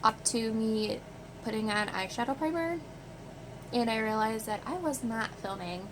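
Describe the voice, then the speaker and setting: A woman with a congested, runny nose, chattering her way through a makeup tutorial with lots of "like" and quick apologies. She is filming at home on her phone in front of a mirror. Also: fairly high pitch. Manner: chatty, apologetic, filler-heavy with "like". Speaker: beauty vlogger. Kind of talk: casual makeup tutorial chat. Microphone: phone camera. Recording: home phone video with heater noise. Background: central heating hum.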